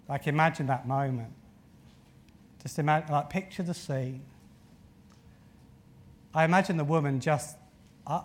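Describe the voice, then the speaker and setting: A man preaching a sermon in an earnest way, often repeating phrases and using filler words. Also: fairly high pitch. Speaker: pastor.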